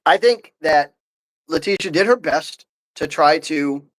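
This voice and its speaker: A man hosting a live political talk show, speaking in an animated, opinionated way with many fillers and restarts. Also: a little high, measured pace, low-quality recording. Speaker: podcast host.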